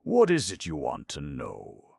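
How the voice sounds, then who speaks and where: Man narrator doing a jittery, evasive middle-aged secretary, hesitant and flustered, very low and gravelly. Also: wildly swooping pitch, measured pace, mellow, no room sound, exaggerated voice.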